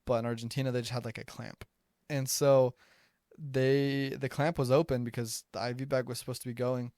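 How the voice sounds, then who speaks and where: Smooth-voiced young American man telling stories. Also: medium pitch, little pitch movement, a little fast, a little mellow, no echo, studio quality. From United States. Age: young adult. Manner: chatty, filler-heavy, says "like" often. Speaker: podcast host telling mission stories. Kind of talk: casual storytelling. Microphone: close podcast microphone.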